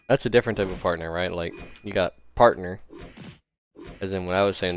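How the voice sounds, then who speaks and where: A man's voice: deep voice, steady tone, a little fast, a little hiss or hum. A man streaming a game, rambling aloud and teasing his chat in casual banter. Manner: rambling, thinking aloud while playing. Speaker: gaming livestreamer. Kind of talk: casual gameplay livestream chat.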